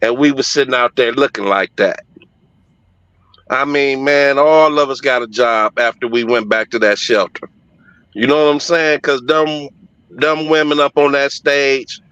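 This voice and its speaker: A man's voice: on the high side, bright, forceful tone, smooth, no room sound, highs cut off. A middle-aged man telling a heartfelt personal story on a podcast, emphatic and profane.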